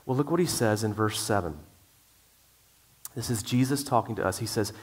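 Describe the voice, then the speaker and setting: A man's voice: lowish voice, normal speed, husky. A middle-aged male pastor preaching a sermon in an earnest way, with frequent restarts.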